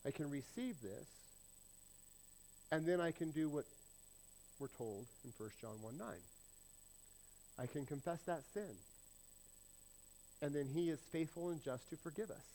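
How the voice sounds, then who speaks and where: A male pastor preaching a sermon, emphatic and swinging between loud declarations and hushed asides. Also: on the high side, expressive, a little slow, pauses often, poor audio.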